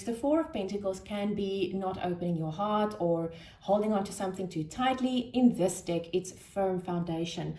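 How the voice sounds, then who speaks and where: A woman giving a spiritual tarot card reading, soft-spoken and thinking aloud with gentle pauses. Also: medium pitch. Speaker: tarot reader. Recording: roomy echo with faint noise.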